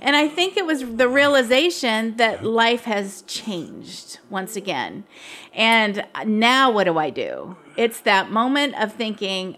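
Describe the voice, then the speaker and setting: A woman's voice: fairly high pitch, sing-song, slow pace, a bit bright. A middle-aged woman, a pastor's wife and co-host, sharing personal stories in a candid, reflective way. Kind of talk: casual chat.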